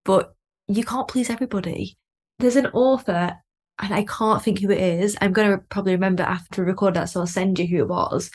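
A woman's voice: mid-range voice, fairly even intonation, a little fast, a little mellow. A woman hosting a podcast, talking in a chatty way with lots of fillers and easy laughter. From Lancashire, England. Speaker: podcast host. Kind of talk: casual podcast chat.

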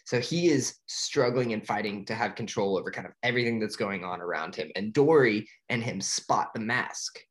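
A man's voice: lowish voice, normal speed, few pauses. A man retelling a film plot in casual chat, talking loosely with many fillers and restarts and laughing often. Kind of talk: casual movie recap chat.

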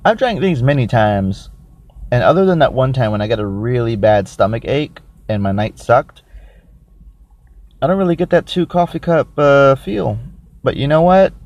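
A man hosting a casual solo podcast who rambles, thinks out loud and makes crude, self-mocking jokes while reviewing a drink. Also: medium pitch, expressive, moderate pace, dull audio. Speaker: podcast host.

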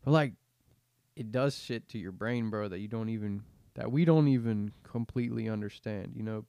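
A podcast host, a man in his twenties, rambles through a casual rant packed with slang and swearing. His voice is fairly low and dark, his speed normal, and there's no echo.

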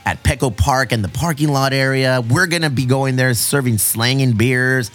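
A middle-aged man hosting a casual chat, profane and joking, telling animated stories. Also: mid-range voice, normal speed, faint music behind. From South Bay, San Diego area. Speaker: podcast host.

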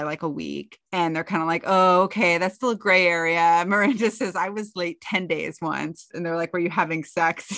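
Female podcast co-host, casual recap, lowish pitch, pops up higher for quoted lines, dry booth. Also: fairly bright tone, dry recording. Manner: chatty retelling, acting out quotes in a higher voice.

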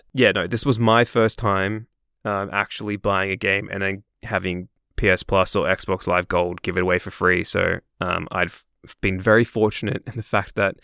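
Gravelly low-voiced man, laughing podcast co-host. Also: fairly bright tone, dry recording, studio quality. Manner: laughs often, swears casually. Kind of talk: casual chat.

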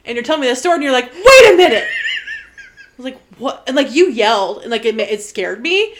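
A woman's voice: on the high side, lively intonation, fast talker. A young woman casually telling a funny story to a friend, laughing often as she goes. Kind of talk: casual chat.

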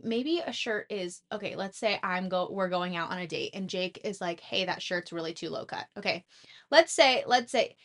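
Young woman podcast host, bright voice, kinda high, chatty and animated, lots of "like". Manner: chatty, animated, full of "like" and acted-out quotes. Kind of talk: casual advice talk.

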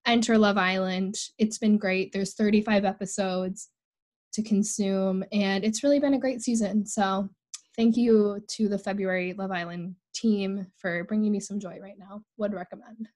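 A woman's voice: medium pitch, steady tone, moderate pace, darkish tone. A young woman co-hosting a podcast in casual chat, upbeat and chatty, with lots of "like". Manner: chatty, upbeat, uses "like" a lot. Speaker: podcast co-host.

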